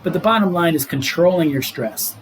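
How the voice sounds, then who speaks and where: A man's voice: a little high, expressive, brisk, a little hiss or hum, rough recording. A middle-aged man, a doctor guest on a podcast, explaining health matters in an earnest, casual way and laughing easily.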